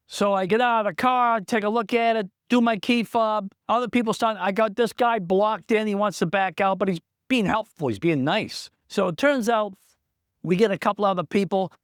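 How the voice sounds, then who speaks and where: A man's voice: sits high, no room sound, clean studio sound. A man who runs a small business, telling a candid personal story in a vlog, plain-spoken and reflective. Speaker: small business owner in recovery.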